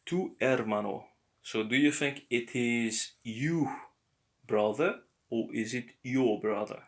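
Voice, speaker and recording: A man giving a slow, patient beginner language lesson, explaining words one by one. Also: mid-range voice. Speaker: language teacher.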